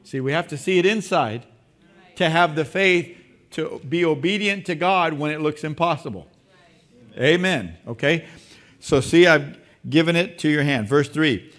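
Animated preaching pastor, man. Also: a little slow. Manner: animated preaching, rising in pitch and volume; drops into a low, quiet voice when speaking for God or telling a story. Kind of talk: sermon. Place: church sanctuary.

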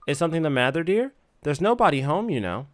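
A man voicing a gossiping, kindly old neighbour woman, fussy and soft-spoken. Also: a little high, very animated, fast talker, no echo, voice pushed up. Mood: gossipy.

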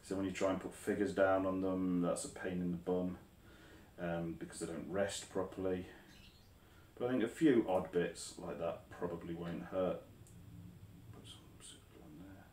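A man's voice: low-pitched, steady tone, normal speed, a little mellow. A man talking casually to camera as he builds tabletop terrain, rambling, mumbling and correcting himself while he works. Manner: rambling, self-correcting, mutters while working. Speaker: hobby crafter making terrain. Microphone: phone camera some distance away. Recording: roomy distant phone recording.

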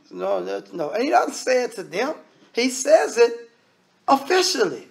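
A man's voice: very high-pitched, sing-song, measured pace, vocal fry. A man preaching a sermon in a conversational way, often acting out the voices of the people he quotes.

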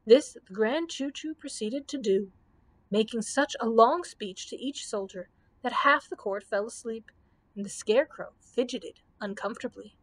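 A librarian reading a children's storybook aloud, with expressive narration. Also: female voice, a little high, moderate pace. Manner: expressive reading with voiced characters.

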